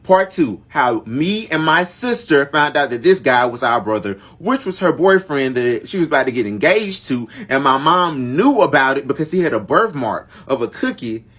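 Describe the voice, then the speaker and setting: A man's voice: mid-range voice, sing-song, moderate pace, few pauses, fairly bright tone. A young man narrating a dramatic family story to his viewers in a chatty, casual storytime style. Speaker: storyteller vlogger.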